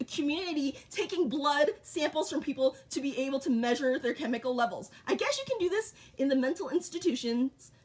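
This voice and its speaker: A woman's voice: high-pitched, animated, a little fast, darkish tone. A middle-aged woman vlogging in short, repetitive, blunt sentences. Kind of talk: casual monologue to camera.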